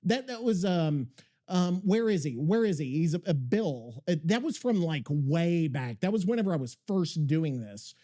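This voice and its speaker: Excitable, profane male podcast host. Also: a little high, moderate pace. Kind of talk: casual podcast chat.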